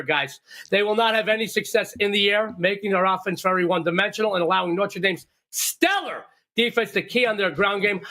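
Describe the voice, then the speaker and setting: An older man giving sports betting picks in a loud, brash, self-mocking way. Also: high-pitched. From Sicilian heritage.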